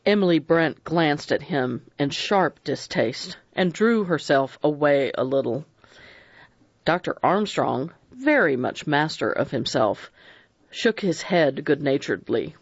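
A man narrating an audiobook slowly and steadily, with a lively, expressive pitch. The recording is dry and close, with a slightly dull, lo-fi tone. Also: husky, no room sound. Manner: measured, even storytelling. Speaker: audiobook reader.

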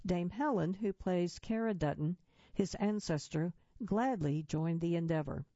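A woman reads magazine articles aloud at a steady, measured pace. Her voice sits low and mellow. The recording is dry with no room sound, and a little dull and muffled. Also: no echo.

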